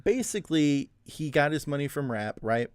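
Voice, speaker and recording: A man's voice: fairly high pitch, big pitch swings, moderate pace, clean tone, no room sound. Joking man co-hosting a dry-sounding podcast. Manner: joking, laughs often. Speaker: podcast co-host. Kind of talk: casual chat.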